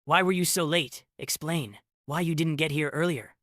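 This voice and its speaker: A man voicing a furious female demon queen who scolds her husband in a shrill, raised voice. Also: moderate pace, a bit bright, no room sound, studio quality, lightly acted. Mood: scolding. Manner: shrieking, scolding.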